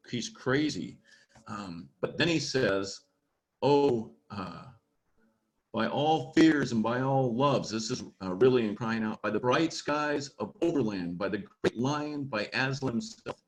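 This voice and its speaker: A man's voice: mid-range voice, rough recording. A man at a church gathering teaching casually about a storybook, explaining as he goes and reading passages aloud. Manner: informal, explains as he goes, with fillers.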